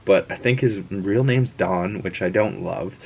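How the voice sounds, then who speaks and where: A man talks through a show episode in a loose, rambling reaction style, with lots of restarts and asides. His voice sits low and comes across husky. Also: unhurried, a little mellow. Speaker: host. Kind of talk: casual reaction and episode breakdown.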